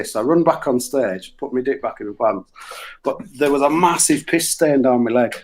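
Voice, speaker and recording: A man's voice: mid-range voice, moderate pace. A middle-aged man with a Yorkshire accent, telling crude, sweary stories in a casual chat on a radio show. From Yorkshire, England. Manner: crude, swearing, animated anecdotes with put-on voices.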